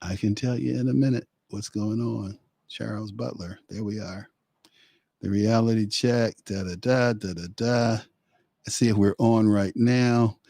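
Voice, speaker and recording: A man's voice: fairly low pitch, steady tone, normal speed, gravelly, warm tone, no room sound. A man hosting a political talk show, talking casually, laughing often and mocking as he goes.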